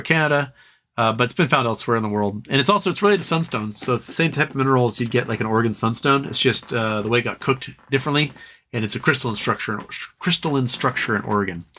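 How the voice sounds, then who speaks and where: Man, livestream host, rambling casual chat, tiring voice, mid-pitched. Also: bright, forceful tone. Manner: rambling, reads chat messages aloud.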